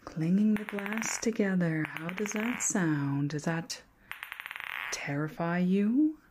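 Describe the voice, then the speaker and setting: A woman voicing a shy, playful young female ghost in a soft, teasing, half-whispered manner, as a whispered role-play. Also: lowish voice, lively intonation, takes it slowly, background noise. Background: glass clinking effects.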